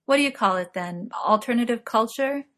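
A woman reading aloud, voicing a reserved, well-off young man who speaks in a measured, slightly formal way. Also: fairly high pitch, animated, a bit bright. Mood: wry.

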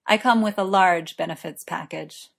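A woman's voice: lowish voice, normal speed, vocal fry. Woman doing a cocky, teasing young man. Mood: mocking. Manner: teasing, boastful.

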